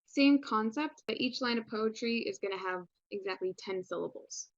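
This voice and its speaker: A woman's voice: medium pitch, normal speed, no echo, muffled recording. A young woman teaching a recorded English lesson in a casual, chatty way, with many ums and restarts. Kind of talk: recorded online class lesson.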